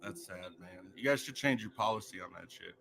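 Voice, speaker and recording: A man's voice: on the low side, fairly quick, creaky, background noise. A man hosting a livestream, trading crude insults and taunts with a caller and his viewers. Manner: profane, taunting, repetitive. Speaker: livestream host.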